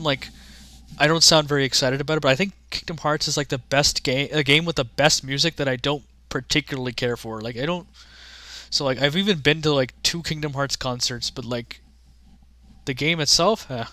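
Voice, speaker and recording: A man giving casual, rambling commentary on games he has played, halting with many restarts and fillers and offering frank, offhand opinions. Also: on the high side, sharp tone, no room sound. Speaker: gaming content creator.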